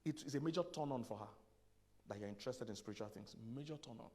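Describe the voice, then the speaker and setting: A man with a mellow, medium-pitched voice and a quick pace preaches a funny sermon to men in a church conference hall. The pastor keeps it conversational, chuckling at his own punchlines and sinking to near-whispers for asides.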